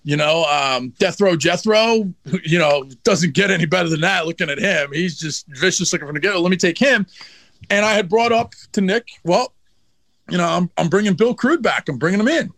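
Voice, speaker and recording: A man's voice: high-pitched, normal speed, creaky, fairly bright tone, dry recording. A man telling a blunt, profane story in an interview about his time as a wrestling manager.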